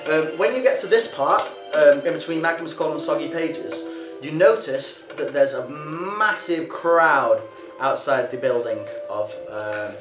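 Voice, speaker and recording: A man runs a tabletop game in a slightly high voice, pausing often with ums. He is set back from the mic in a roomy space. Music plays underneath. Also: expressive. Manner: hesitant, full of ums. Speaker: game master. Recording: roomy distant recording with music.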